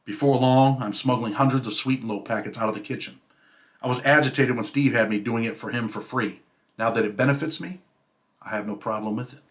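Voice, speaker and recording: A man reading aloud from his own memoir about prison life, in a steady storytelling way. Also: mid-range voice, brisk. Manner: steady storytelling read, dropping quieter at sentence ends.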